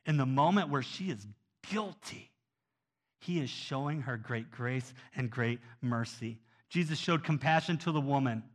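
A man preaching a sermon in an earnest way, going from quiet, soft passages to loud, pressing ones. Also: medium pitch, unhurried. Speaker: pastor.

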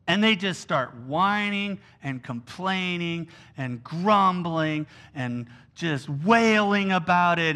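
A man preaching a sermon, telling a Bible story with animated storytelling and whiny acted-out quotes. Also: high-pitched, takes it slowly, few pauses.

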